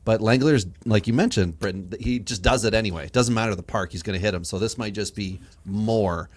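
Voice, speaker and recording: A man's voice: fairly low pitch, a little fast. A man hosting a casual fantasy sports podcast. He drops dry one-liners and recaps rankings in order. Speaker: podcast host.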